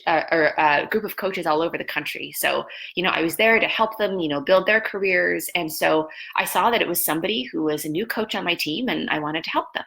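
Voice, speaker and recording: A woman's voice: lowish voice, pushed and bright, rough recording. A woman coach and host telling an earnest, confessional personal story on a live stream, repeating phrases for emphasis. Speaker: lifestyle coach and show host.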